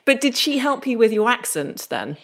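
A woman's voice: on the high side, very animated, normal speed, vocal fry, a bit bright. A woman from Northern Ireland with an English accent, hosting an interview and laughing along enthusiastically. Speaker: podcast host.

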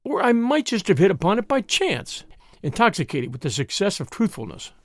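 A man's voice: high-pitched, very animated, brisk, no echo, voice pushed up. A man voicing a cheeky, sweet-talking young woman. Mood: coy. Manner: sweet, poised, lightly teasing. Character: clever, cheeky young woman, coolly bluffing.

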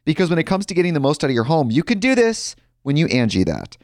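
A man's voice: a little high, huge pitch swings, quick pace, no room sound, studio quality. A man reading a sponsor ad in a chatty way, mixing in personal stories. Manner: chatty, anecdotal. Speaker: ad reader. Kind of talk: casual ad read.

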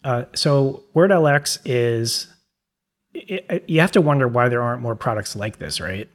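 A man's voice: mid-range voice, lively intonation, normal speed. A man with a New York accent talks through products as a podcast guest. His voice sits in an ordinary middle register, and he explains things casually, with fillers and restarts. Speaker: podcast guest, legal tech publisher. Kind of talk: conversational interview.

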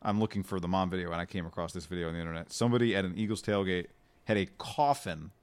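Low-voiced, halting sports podcast co-host. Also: male voice. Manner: halting, self-correcting, easygoing. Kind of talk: casual sports chat.

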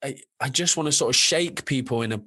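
A man talking as a guest on a podcast, animated and rambling, full of restarts and sudden jumps in pitch. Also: a little fast, husky. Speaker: nutritionist guest. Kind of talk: casual podcast chat.

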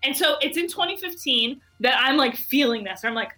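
A woman guest telling a personal story in an animated, excitable way, peppering her speech with "like". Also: sits high, a little fast. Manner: excitable, heavy use of "like". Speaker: guest entrepreneur.

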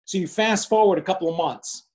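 Animated older man telling a story. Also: high-pitched, a little fast. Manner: animated, acts out quoted dialogue. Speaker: former finance manager. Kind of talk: casual spoken anecdote.

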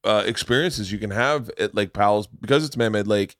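A man's voice: on the low side, brisk, a bit bright, dry recording, clean studio sound. A man from Florida hosting a podcast, telling a story in a loose, profane, rambling way. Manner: rambling, profane, self-interrupting. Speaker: podcast host. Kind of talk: casual storytelling chat.

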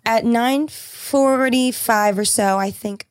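A young woman telling a funny story in casual podcast chat, animated and quick to swear, acting out quotes. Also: fairly high pitch, no room sound, studio quality. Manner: animated, swears freely, quotes others in raised voice.

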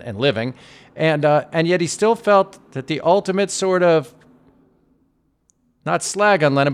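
A man with an average-pitched, everyday voice hosts a conversation. He works through his questions slowly and thoughtfully, circling before he lands the point. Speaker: podcast interviewer. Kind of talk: conversational interview.

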